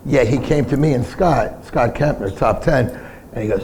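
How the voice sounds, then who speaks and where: Animated New man telling stories. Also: mid-range voice, normal speed, a little hiss or hum. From the Bronx, New York. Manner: animated raconteur, laughs through his stories. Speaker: interview guest, punk singer. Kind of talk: storytelling interview. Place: bar.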